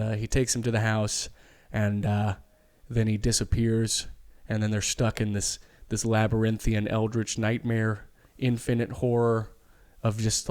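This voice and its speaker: A man's voice: on the low side, darkish tone, clear, resonant tone. A man co-hosting a podcast in casual chat, telling stories in a rambling way full of fillers, with profane, joking banter. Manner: rambling, loose storytelling with lots of fillers. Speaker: podcast co-host.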